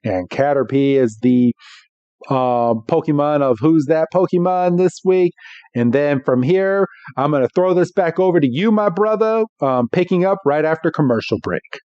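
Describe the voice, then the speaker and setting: A man with a somewhat high voice recaps a cartoon episode for his podcast, animated and laughing as he goes. The audio sounds dull and dry, with no room echo. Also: normal speed, smooth. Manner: animated, laughs while he talks. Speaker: podcast co-host.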